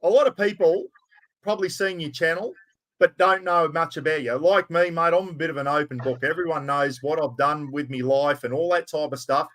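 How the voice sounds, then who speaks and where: An Australian podcast host runs a casual chat, blokey and talkative, calling everyone mate. His voice sits a little high and a bit bright, and he talks a little fast.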